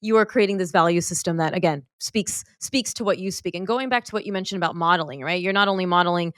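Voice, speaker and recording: A woman's voice: fairly low pitch, quick pace, a bit bright, smooth, no echo, clean studio sound. A woman podcast host and pediatrician in casual interview chat, telling personal stories in an earnest, open way.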